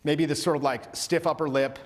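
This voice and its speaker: Male coach, 40s, pitched a bit high, casual animated workshop delivery with swearing, recorded with long hall reverb. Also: fairly quick. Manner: animated, acts out little dialogues, casual swearing. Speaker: social skills coach. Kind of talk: workshop lecture.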